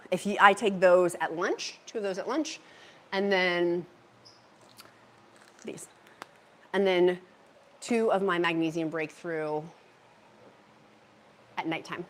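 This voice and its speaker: A chatty, bubbly woman hosts a casual livestream from her home kitchen. Her voice sits a bit low for a woman. She talks into a handheld phone as she reads out viewer comments. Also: slight background noise. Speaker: livestream host. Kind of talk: casual livestream chat while meal prepping.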